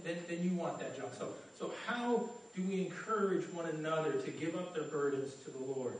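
A man's voice: high-pitched, darkish tone, a little hiss or hum. Guy pastor preaching, keeps stuttering and repeating words, super echoey church, kinda far from the mic. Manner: stammering repetitions, earnest and conversational. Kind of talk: sermon.

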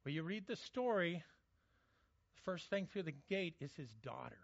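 A man's voice: fairly high pitch, expressive, moderate pace, gravelly, dry recording, highs cut off. A man preaching a sermon in a conversational, joking way, often restarting his words. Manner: conversational, jokey, frequent restarts. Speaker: pastor.

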